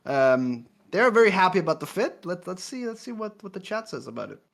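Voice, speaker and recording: A man's voice: high voice, sing-song, a little fast, gravelly. A man co-casting a live esports stream, chatting playfully, laughing often and feigning outrage. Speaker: esports co-caster. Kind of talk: casual live-stream banter.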